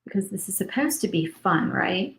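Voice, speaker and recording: A woman's voice: mid-range voice, animated, normal speed, creaky, roomy sound, heavy background noise. A woman, hosting a crafting livestream and chatting casually as she paints. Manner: chatty, thinks aloud while painting. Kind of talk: casual live crafting chat.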